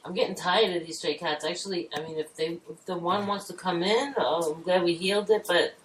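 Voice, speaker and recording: A woman's voice: lowish voice, steady tone, fairly quick, far from the mic. A woman co-hosting a talk show in casual chat, blunt and grumbling, swearing freely. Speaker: co-host. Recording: echoey room, off-mic, faint noise.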